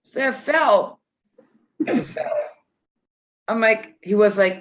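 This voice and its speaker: A woman's voice: medium pitch, animated, takes it slowly. A woman in casual chat, telling a story bluntly and animatedly, laughing and swearing freely. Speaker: storyteller guest. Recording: dull lo-fi recording with faint hiss.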